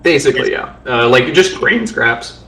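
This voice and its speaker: A man's voice: medium pitch, animated, normal speed, pushed and bright. A man narrates a tabletop game as game master, rambling and hesitant, full of likes and restarts. His voice sits in the middle of the range. He sounds far from the mic in a roomy space.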